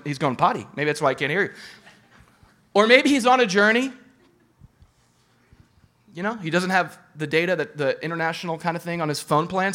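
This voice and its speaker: A man preaching a sermon in an animated, humorous and emphatic way. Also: on the high side. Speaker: pastor.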